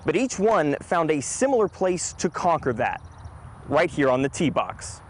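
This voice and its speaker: A young man reporting sports news for local television in an upbeat, crisp delivery. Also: fairly high pitch, very animated, a little slow.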